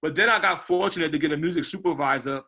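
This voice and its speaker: A man speaks as a film director in a loose, rambling interview, circling back and repeating himself. His voice is bright and sits fairly high. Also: quick pace, vocal fry. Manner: rambling, repeats words, says "you know what I mean". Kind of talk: casual interview talk.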